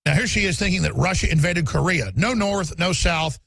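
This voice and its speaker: A male talk radio host giving rapid, mocking political commentary. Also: high voice, vocal fry, fairly bright tone, a little hiss or hum.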